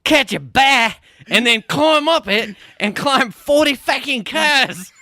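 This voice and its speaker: A man's voice: very high voice, animated, takes it slowly, sharp tone, slight background noise. A man co-hosting a podcast, joking crudely and laughing often in casual banter. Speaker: podcast co-host.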